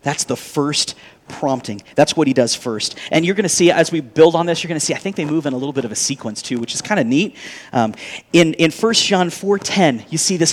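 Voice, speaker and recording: Guy preaching w a high voice, gets loud then drops low, long hall echo. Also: brisk. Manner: animated, swings between loud emphatic peaks and quiet asides. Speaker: pastor. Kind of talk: sermon.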